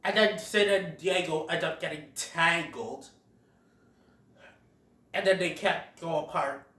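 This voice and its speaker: A slow, medium-pitched voice, pushed and bright, belongs to a movie reviewer giggling through a chatty retelling of a cartoon film with quoted lines. The echoey room and distant mic give a roomy sound.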